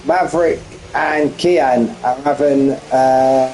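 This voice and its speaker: Mellow-voiced man commentating casually. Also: medium pitch, steady tone, takes it slowly, slight background noise, poor audio. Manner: bantering, repeats himself, chats with viewers. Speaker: sim racing commentator. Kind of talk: casual live-stream commentary.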